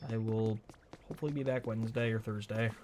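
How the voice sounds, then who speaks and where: A man's voice: on the low side, steady tone, quick pace, music in the background. A man chatting and joking while streaming a video game live. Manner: chatty, jokey, exclaims at the game. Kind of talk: casual live gameplay commentary.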